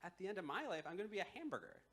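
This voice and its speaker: Brief: man doing a weary, fed-up ox in a folktale, bitter and sarcastic, pitched well above his own voice. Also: big pitch swings, racing, a bit bright. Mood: indignant. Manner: sarcastic, indignant complaining. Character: weary, grumbling old male ox judge.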